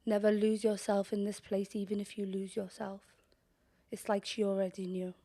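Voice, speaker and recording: A young woman with a Scouse accent performing spoken-word poetry in a measured, deliberate way, sometimes dropping to a whisper. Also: mid-range voice, little pitch movement, mellow. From Liverpool, England. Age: young adult. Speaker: poet.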